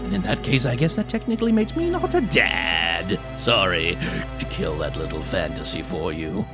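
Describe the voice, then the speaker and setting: A man voicing a sadistic male cult leader, a former minister turned monster, in a lower, softer voice. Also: sing-song, normal speed, loud music behind the voice. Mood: menacing. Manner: dastardly, sadistic and gloating.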